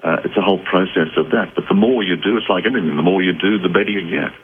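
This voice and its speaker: A man who is a psychic guest on a radio call-in show, explaining in a measured, reflective way with restarts. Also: deep voice. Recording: tinny phone line with faint noise.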